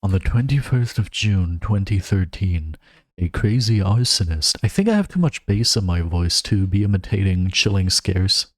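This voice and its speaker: A young man talks through a game as he plays it, with wry, self-mocking remarks. His voice sits fairly low. The sound is dry and close to the mic. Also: animated, moderate pace, no room sound. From Germany. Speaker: streamer. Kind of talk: casual gameplay commentary.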